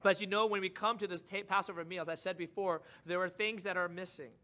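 A male pastor preaching a sermon, moving from quiet, intimate asides to rising, emphatic declarations. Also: high-pitched, fairly even intonation, quick pace.

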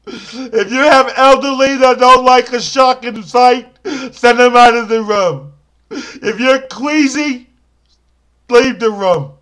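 Comic sketch: man as a whiny, melodramatic scavenger, high-pitched, slow. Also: pushed and bright, exaggerated voice. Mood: lamenting. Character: battered, self-pitying man who scavenges cans. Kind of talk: comic character monologue to camera.

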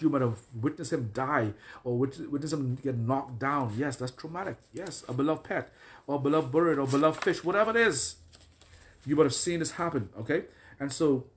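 A man preaching a deliverance sermon as a prophet, listing troubles in repeated phrases and then commanding prayers. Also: mid-range voice. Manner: repetitive, declaring and commanding prayers.

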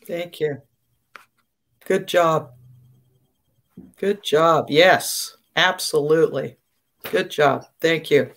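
A woman co-hosting a veterans show, telling stories in an animated, enthusiastic casual way. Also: deep voice, extremely slow, pauses often. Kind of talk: casual chat, storytelling.

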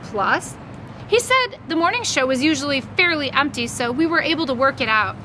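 A woman reading an audiobook, voicing an easygoing mother who is breezy, reassuring and gently firm. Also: high-pitched, lively intonation, normal speed, a little hiss or hum. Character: upbeat easygoing mother, middle-aged woman.

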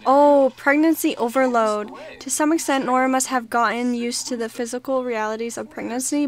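A young woman gaming YouTuber chats casually over her life-simulation game, voicing her characters' lines in playful running let's-play commentary. Her voice is high-pitched with a fairly bright tone.

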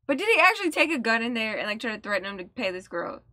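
A woman's voice: on the high side, big pitch swings, rapid-fire, bright, forceful tone, no echo. A woman co-hosting a reaction video, chatting casually and asking curious questions. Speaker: reaction channel co-host.

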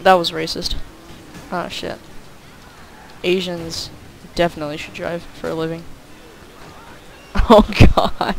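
Over his own gameplay, a young male commentator rambles and jokes casually, saying "like" constantly. His slightly high, gravelly voice has little pitch movement, comes slowly, and includes long pauses. The low-quality recording carries a faint hiss.

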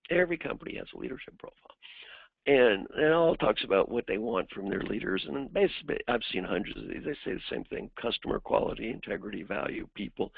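Male executive coach lecturing with stories; husky voice, dry close sound. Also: mid-range voice, no room sound. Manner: animated storyteller who acts out the people in his stories. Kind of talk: lecture with anecdotes. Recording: dry, phone-like narrowband sound.

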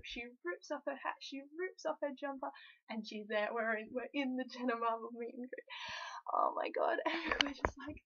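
A young woman telling a story in a casual vlog, excitable and rambling, full of fillers. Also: high-pitched. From Australia. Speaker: vlogger. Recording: dull lo-fi recording.

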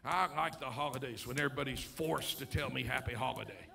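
A pastor preaching a sermon in church, loud in the call-and-response and joking when he tells stories. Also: medium pitch, quick pace, vocal fry, faint music behind. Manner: storytelling, joking with the congregation. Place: church sanctuary.

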